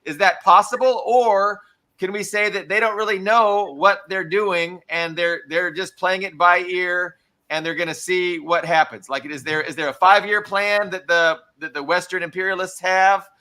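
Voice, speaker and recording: A man's voice: high-pitched, fairly even intonation, normal speed, pushed and bright. A man co-hosting a podcast panel, musing aloud and posing open questions with many fillers. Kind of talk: casual panel discussion.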